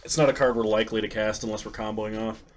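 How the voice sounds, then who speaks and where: A man's voice: fairly low pitch, fairly even intonation, fast, slight background noise. A man streaming himself playing an online card game, calling out each play in short clipped phrases as he goes. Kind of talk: live commentary on his own card game.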